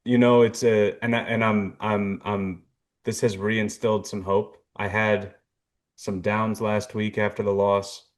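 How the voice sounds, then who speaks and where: Animated low-voiced man recounting plays. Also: unhurried. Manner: animated storyteller, mimics others. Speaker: podcast co-host. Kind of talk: casual sports chat.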